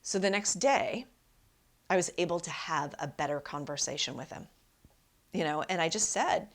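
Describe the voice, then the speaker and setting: A woman's voice: fairly low pitch, animated, moderate pace. A woman life coach hosting a podcast, telling a personal story and giving relationship advice in an emphatic, conversational way, often asking "right?". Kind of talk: solo podcast talk.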